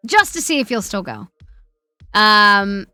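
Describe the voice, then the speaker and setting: A woman's voice: medium pitch, sing-song, slow, bright, forceful tone, clear, resonant tone, no room sound, clean studio sound, soft background music. A woman hosting a live stream, chatting casually, laughing often and swearing freely. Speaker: streamer host. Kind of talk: casual chat.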